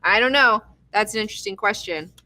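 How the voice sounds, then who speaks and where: Bright-voiced excitable young woman recapping. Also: medium pitch, a little fast. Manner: profane, excitable, acts out characters' lines. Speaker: TV recap host. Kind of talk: casual episode recap.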